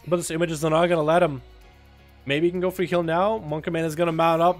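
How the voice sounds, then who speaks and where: Excitable male game caster. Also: fairly high pitch, faint music behind. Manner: rapid play-by-play, excitable bursts. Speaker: esports caster. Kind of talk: live game commentary.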